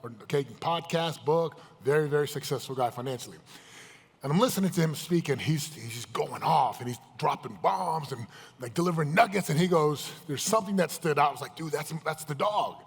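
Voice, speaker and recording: A man's voice: a little high, brisk, gravelly, husky. A man giving a motivational seminar talk, putting emphatic questions straight to a live audience. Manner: emphatic, questions the crowd directly. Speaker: motivational speaker. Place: large event hall with live audience. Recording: echoey hall, live event.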